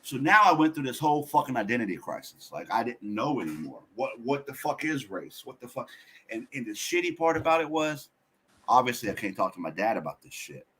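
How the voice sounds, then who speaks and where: Podcast guest, male, husky voice with lively swings in pitch, blunt and profane storyteller. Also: fairly quick. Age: adult. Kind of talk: candid personal storytelling.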